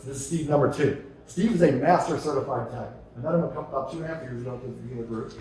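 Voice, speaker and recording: Talking very fast in a mid-range voice, a man delivers a keynote to a live audience. The distant mic picks up the echo of the large conference hall as he tells stories energetically and throws out rhetorical questions.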